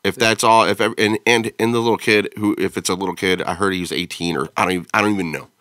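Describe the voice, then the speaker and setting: A man's voice: sits low, fairly even intonation, fast, a bit bright, no echo, studio quality. Blunt, profane American man. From United States. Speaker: podcast host. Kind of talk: casual reaction chat.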